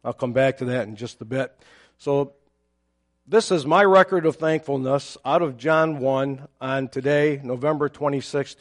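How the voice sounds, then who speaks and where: A pastor preaching a sermon, explaining a Bible passage in a measured, teacherly way with occasional fillers. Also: male voice, mid-range voice.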